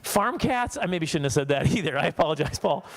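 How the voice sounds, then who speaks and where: A man's voice: a little high, expressive, brisk, vocal fry, slight background noise. A man in his forties from Saskatchewan doing a chatty, self-mocking stand-up comedy set, laughing at his own jokes. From Saskatchewan, Canada. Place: church hall.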